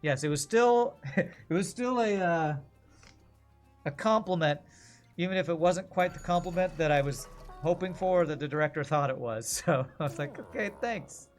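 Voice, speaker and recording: A man with a fairly high voice talks at normal speed over soft background music. As a streamer, he casually comments on his gameplay and jokes around with chat between moves.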